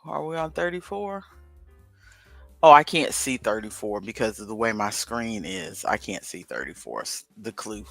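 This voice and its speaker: A man with a fairly low, gravelly, fairly bright voice co-hosts a casual livestream, very animated at normal speed. He rambles to himself as he works on a crossword, recorded with no echo and soft background music.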